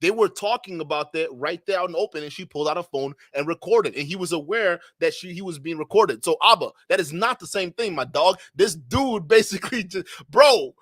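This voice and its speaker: Heated, profane man with a high voice. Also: animated, fairly quick, few pauses, a bit bright, no room sound, studio quality. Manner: heated, profane, repeats "bro". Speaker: reaction commentator. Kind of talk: casual reaction commentary.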